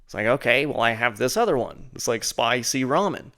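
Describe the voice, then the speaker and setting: A man hosting his own show, telling a rambling personal story full of "like" and "and then," putting on a higher voice to mock what others said. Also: lively intonation, fairly quick, bright, forceful tone. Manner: mocks the friend's lines in a higher voice. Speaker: show host. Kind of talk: casual storytelling.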